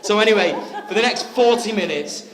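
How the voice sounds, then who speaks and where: A man's voice: high-pitched, brisk. A man giving a wedding speech, telling a story in a chatty way. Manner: chatty storytelling, frequent laughs. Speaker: wedding speaker. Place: wedding reception hall. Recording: echoey hall with crowd.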